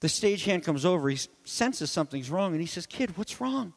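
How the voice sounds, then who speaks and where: A man pastor preaching a sermon in a church with emphatic delivery, swinging from loud highs to quiet lows. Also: quick pace. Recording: long reverb.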